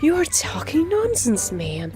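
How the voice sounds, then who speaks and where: A woman's voice: high voice, measured pace, over music, pitched above the performer's own voice, full character voice. Woman doing a chill hippie rescuer. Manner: drawling, relaxed, says "man". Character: laid-back hippie rescuer, chill and mellow.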